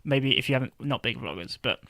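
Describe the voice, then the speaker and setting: A man in casual podcast chat as a guest, talking in a relaxed, offhand way. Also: medium pitch, fast talker, no echo, studio quality.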